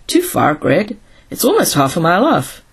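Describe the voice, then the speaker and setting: An earnest, anxious young male engineer in a sci-fi audiobook, read by a woman. He explains things carefully, in a soft, slightly breathy voice. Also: on the low side, huge pitch swings, moderate pace, full character voice.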